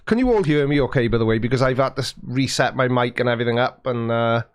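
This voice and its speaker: Talking fast into a studio mic with a foam windscreen, this male livestream host reads viewer messages, chats and jokes as he tweaks his settings. His mid-range voice is clear and resonant, with no room sound.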